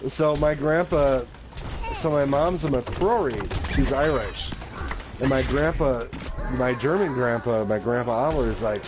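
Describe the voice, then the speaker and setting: A man's voice: medium pitch, measured pace, over music. A man telling family stories in a rambling, casual way while co-hosting a game stream. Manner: rambling anecdotal storyteller. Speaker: streamer co-host. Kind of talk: casual gaming-stream chat. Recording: noisy stream mic.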